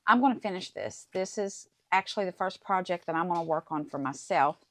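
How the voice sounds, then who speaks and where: A middle-aged woman talks viewers through a paper craft project step by step. Her voice sits a little low, and her manner is chatty and relaxed, like a casual tutorial at a craft table. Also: a little fast, no room sound. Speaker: crafting channel host.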